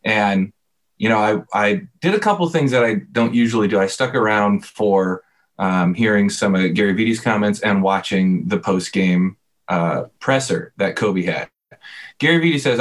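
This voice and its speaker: A man's voice: fairly low pitch, moderate pace. Man retelling a game play by play. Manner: animated storyteller, replays moments play by play. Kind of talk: casual sports chat.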